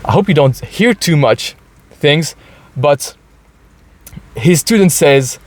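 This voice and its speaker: A man's voice: on the high side, animated, slow pace. Man talking in his car. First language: French. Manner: ends sentences with "right?", restarts often. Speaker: podcast host. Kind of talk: casual solo podcast monologue. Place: inside his parked car.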